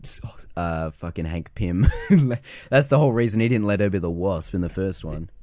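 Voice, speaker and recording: A man co-hosting a casual film podcast, animated and swearing as he acts out movie scenes. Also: low voice, normal speed, no room sound, studio quality. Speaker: podcast co-host.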